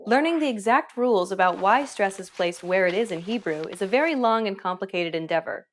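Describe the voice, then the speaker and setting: A woman's voice: mid-range voice, expressive, a little fast. A woman narrating a scripted language lesson in an upbeat, explanatory way, asking the learners questions.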